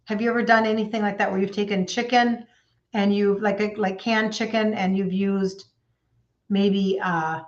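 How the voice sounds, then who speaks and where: On her live stream, a health coach in her fifties reads viewer comments aloud and chats casually, full of fillers. She speaks at a medium pitch with a steady tone and normal speed, though the audio sounds dull.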